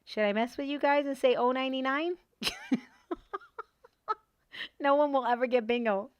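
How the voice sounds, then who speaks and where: A woman's voice: high voice, normal speed, clean tone, dry recording, highs cut off. A woman hosting a livestream and calling bingo numbers in a playful, casual way, drawing each number out.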